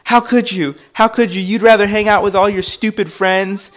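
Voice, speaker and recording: A man voicing a frantic, jealous middle-aged mother in a shrill, accusing tone while telling a story. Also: steady tone, normal speed, a bit bright.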